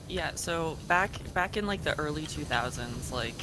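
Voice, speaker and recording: A stream co-host explaining things with a lively, swinging pitch in casual gaming chat. Clear background noise runs behind the voice. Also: normal speed. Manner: animated explainer. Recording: noisy background.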